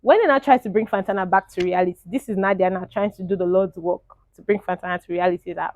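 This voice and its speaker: A young woman, giving animated, opinionated casual commentary as a show reviewer and laughing often. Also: medium pitch, fairly quick, no echo.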